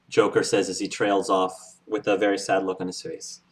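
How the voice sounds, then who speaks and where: A man narrating a tabletop game as game master, relaxed and a little hesitant. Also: sits low, a little fast.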